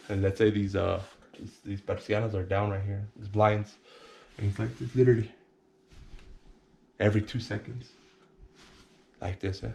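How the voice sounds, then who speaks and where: A man's voice: fairly low pitch, fairly even intonation, normal speed, creaky, pauses often, a little mellow, slight background noise. A man casually telling a personal story to the camera, rambling and repeating words, sometimes acting out other people in a whisper.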